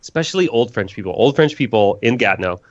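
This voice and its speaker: A man co-hosting a casual gaming podcast, telling stories in a joking, animated way. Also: medium pitch, fast talker, no room sound. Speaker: podcast co-host. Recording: dull, dry podcast mic.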